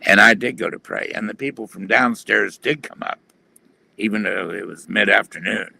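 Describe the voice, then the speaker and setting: A man's voice: lowish voice, normal speed, sharp tone. A man telling his personal testimony in an earnest, plain-spoken way on a video call. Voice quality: gravelly.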